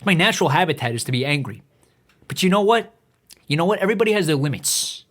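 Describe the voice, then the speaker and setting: A man's voice: on the high side, animated, fast, fairly bright tone. A man around thirty hosting a comedy podcast, ranting in a profane, heated way with stammering restarts. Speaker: podcast host. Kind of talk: profane comedic rant monologue.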